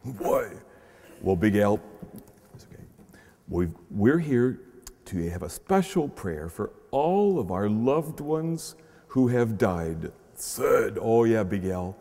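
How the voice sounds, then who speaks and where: Man, pastor, slow, earnest sermon delivery in a reverberant church. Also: on the low side, sing-song. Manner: earnest preaching with slow pauses and swelling emphasis; gentle, playful talk to children. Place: large church shrine. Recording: long echo of a large church.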